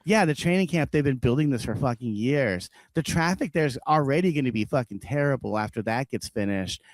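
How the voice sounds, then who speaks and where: A man co-hosting a casual podcast, swearing freely as he rants and laughing often. His voice sits at an everyday middle pitch. The sound is close and dry, with no room around it. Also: lively intonation, brisk, no room sound. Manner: profane ranting, laughs often. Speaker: podcast co-host.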